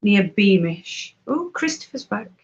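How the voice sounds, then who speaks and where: A woman's voice: mid-range voice, sing-song, a little slow, muffled recording. A woman chatting casually on a live stream, reading out and answering viewers' questions. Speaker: fibre craft live-streamer.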